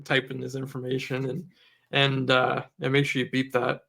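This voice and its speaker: A man's voice: mid-range voice, normal speed, creaky. A man co-hosting a podcast, chatting casually and telling stories that act out conversations with customers. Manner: animated storyteller, acts out customer dialogue. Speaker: podcast co-host. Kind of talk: casual chat.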